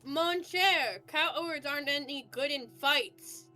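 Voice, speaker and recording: A woman's voice: mid-range voice, expressive, normal speed, pushed and bright, faint music behind. A woman voicing a small, cocky green goblin who teases with flirty French endearments in a tabletop game. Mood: taunting.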